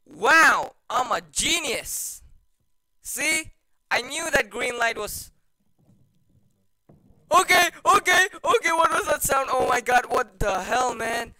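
High, lively, jumpy gaming man. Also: slow pace, long pauses, no echo, poor audio. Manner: jumpy, excitable, drops to hushed mutters when scared. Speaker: gamer playing a horror game. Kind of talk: let's play commentary.

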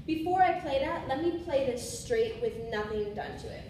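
With a high-sitting, expressive, mellow voice at normal speed, a woman demonstrates swing phrasing to musicians, singing syllables and casually correcting herself. She's in a room with a board, picked up by a distant mic in an echoey space with slight background noise.

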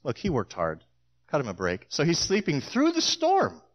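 A middle-aged man preaches in a church, his voice sitting a little high. He tells the stories with animation and drama, jumping into different voices for the quoted lines. He delivers it as a sermon to a congregation. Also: wildly swooping pitch, moderate pace.

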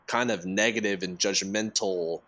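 A man co-hosting a podcast, talking loosely and relaxed with many fillers. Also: deep voice, moderate pace. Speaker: podcast co-host. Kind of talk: casual chat.

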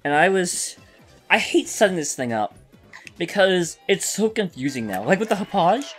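A man co-hosting a casual gaming podcast, telling a story in an animated way and swearing freely. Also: high voice, normal speed, faint music behind. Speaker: co-host.

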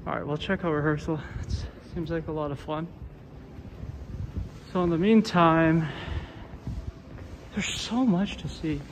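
Young man vlogger, slightly high voice, winded, wry commentary, noisy handheld sound. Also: fairly even intonation, unhurried, pauses often. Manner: chatty, wry asides, exclamations. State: out of breath. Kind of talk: casual vlog commentary while walking. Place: campus buildings and museum, indoors.

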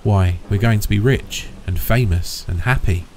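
A man's voice: fairly low pitch, normal speed, darkish tone, a little hiss or hum, lightly acted. A man voicing a cheeky young son. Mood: teasing. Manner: teasing and playful.

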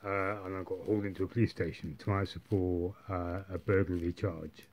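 Sweary low-voiced man rambling. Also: flat delivery, brisk, darkish tone. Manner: rambling, heavy swearing, many fillers and tag questions. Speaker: vlogger. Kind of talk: casual monologue.

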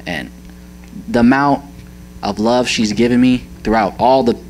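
In a mid-range, slightly mellow voice and at a measured pace, a young man shares a heartfelt testimony at church about his mother. He frequently hunts for words and laughs while speaking. There's a little hiss or hum on the rough recording.

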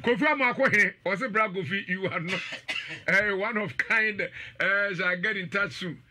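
Male radio host, high bright voice, animated banter and viewer shout-outs. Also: measured pace. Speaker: radio and live-stream host. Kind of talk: lively presenter banter, reading live comments.

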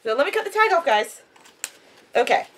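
Bright, high, lively woman vlogger at home, chatty and excitable, cooing at her dogs. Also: normal speed, slight background noise. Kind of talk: casual unboxing vlog.

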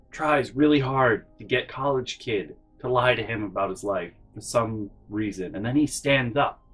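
A man telling a funny story in a profane, animated way, acting out the people in it. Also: mid-range voice, husky, rough recording. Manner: animated, profane, acts out every character. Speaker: storytelling comedy vlogger. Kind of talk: comedic storytelling.

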